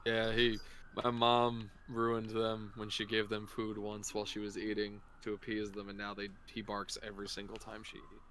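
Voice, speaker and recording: A man's voice: fairly low pitch, completely flat delivery, moderate pace, fairly bright tone, slight background noise. A man riffing casually as a guest on a game stream, laid-back, rambling and a bit profane. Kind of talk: casual gameplay chat.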